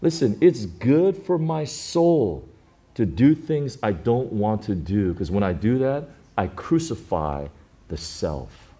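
Animated man preaching a lively sermon. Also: takes it slowly, breathy edge. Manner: animated storytelling, swings from low quiet to loud and high. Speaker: pastor.

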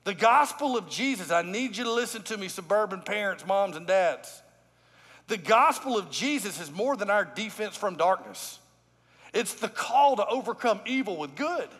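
A man preaches a sermon in a high, ringing voice. He talks to the congregation like a conversation, pressing his points with emphasis. His voice carries a long reverb from a large church sanctuary. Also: expressive, normal speed, fairly bright tone, slightly rough. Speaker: lead pastor.

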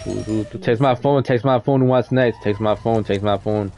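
A man's voice: mid-range voice, normal speed, dark tone, soft background music. A young man hosting a live game car meet, talking in loose slang and calling players in by name. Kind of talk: casual live-stream commentary.

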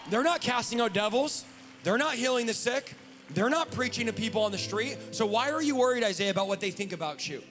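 A man preaching a sermon from the pulpit in a church, fervent and often shouting. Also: extremely high pitch, lively intonation, a little fast, soft background music. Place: church sanctuary. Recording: long hall reverb.

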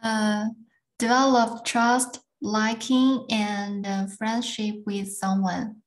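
Slow hesitant woman learner. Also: mid-range voice, little pitch movement, low-quality recording. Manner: hesitant, careful reading. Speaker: English learner. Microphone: video call.

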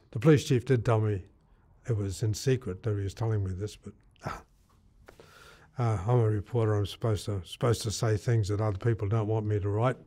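A man's voice: lowish voice, darkish tone. An older Australian man recounts his past in a sit-down interview. His storytelling meanders, doubling back and restarting phrases as he goes. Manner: rambling anecdotal storytelling with many restarts.

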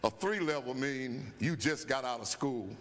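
A man in his seventies, a bishop, telling a folksy, animated story at a Bible study, often saying "man" and "guess what.". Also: medium pitch, moderate pace, a little hiss or hum. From USA. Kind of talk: storytelling sermon. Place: church sanctuary. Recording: church hall with long reverb.

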